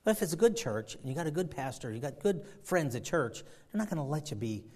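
A man preaching a sermon, fervent, swinging between loud emphasis and quiet asides. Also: on the high side, big pitch swings, a little fast, husky. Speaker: pastor.

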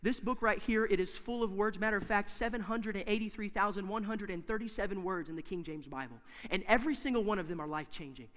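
A man preaching a sermon in a church, emphatic and repetitive, swinging from hushed to loud. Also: sits high, quick pace, few pauses, long reverb tail.

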